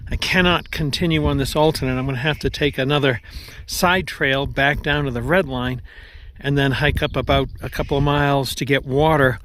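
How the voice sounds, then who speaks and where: A man vlogging a long-distance hike outdoors on a mountain trail, talking in a rambling way with pauses and restarts. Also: medium pitch, steady tone, fairly bright tone, slight background noise. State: out of breath. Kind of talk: trail vlog.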